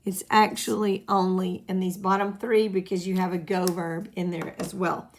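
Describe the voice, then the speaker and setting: A woman's voice: lowish voice, flat delivery, moderate pace, slight background noise. A woman teaching a Spanish grammar lesson to her students, patiently explaining and having them repeat rules back. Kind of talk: classroom lesson at a whiteboard.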